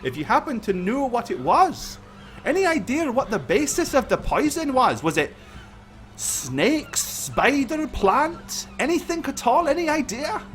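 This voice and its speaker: A man's voice: very high voice, very animated, unhurried, a bit bright, soft background music, voice pushed up, full character voice. A man voicing a flustered, kindly middle-aged priest who speaks in urgent, fussy bursts.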